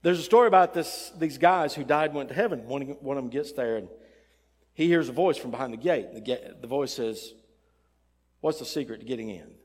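An older man preaching a sermon, emphatic and swinging between loud fervor and soft tenderness, in a church. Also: mid-range voice, expressive, fairly quick. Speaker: pastor. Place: church sanctuary. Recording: long church reverb.

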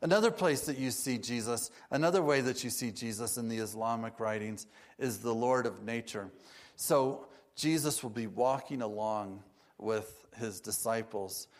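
A man preaching a sermon, telling stories in a relaxed way and putting on playful voices for the characters he quotes. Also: mid-range voice, moderate pace.

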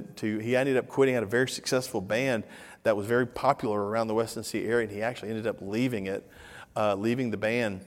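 A middle-aged man preaching a sermon as a lively storyteller, acting out the dialogue of the people in his story. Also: fairly low pitch. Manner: animated storyteller, acts out dialogue. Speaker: pastor. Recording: long hall reverb.

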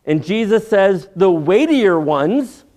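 A man preaches through a Bible passage in a calm, measured teaching voice. His voice sits high for a man, and he takes his time, adding the occasional dry aside. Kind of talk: expository sermon.

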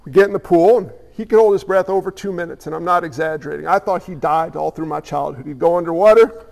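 A man's voice: fairly high pitch, fast, creaky, darkish tone. A man preaching a sermon, asking the congregation questions and telling stories. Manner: emphatic, questioning, storytelling. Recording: long hall reverb.

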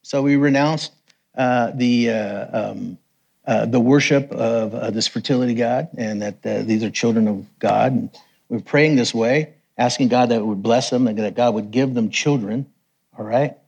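A middle-aged man delivers a sermon full of personal stories. His voice is slightly husky and breathy at a medium pitch. He acts out the people in his stories with a jump in pitch. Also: moderate pace, muffled recording. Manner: animated storyteller, raises pitch for quoted voices. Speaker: missionary preacher. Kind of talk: sermon testimony storytelling.

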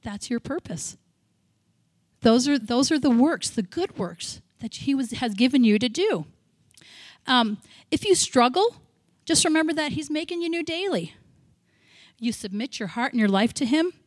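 Middle-aged woman missionary from the US, sermon, candid and self-mocking, slightly high voice, dry close recording. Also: animated, normal speed, pauses often, no room sound. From United States. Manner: candid, self-deprecating, acts out her own past prayers. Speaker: missionary speaker. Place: church service.

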